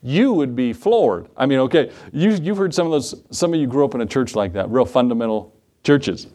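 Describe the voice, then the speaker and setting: A man's voice: medium pitch, animated, fairly quick, warm tone. A man in the role of pastor, preaching a sermon in a church, conversational, with asides and questions to the congregation. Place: church sanctuary.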